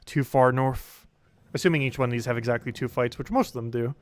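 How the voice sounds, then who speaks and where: A man's voice: medium pitch, brisk. A man in his twenties with a New Jersey accent, casually commenting on a game he is playing live. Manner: casual, self-chatting. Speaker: game streamer.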